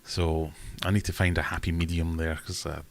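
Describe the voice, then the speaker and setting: A man's voice: low-pitched, flat delivery, moderate pace, gravelly. A man hosting a casual live stream, chatting in a rambling, self-deprecating way.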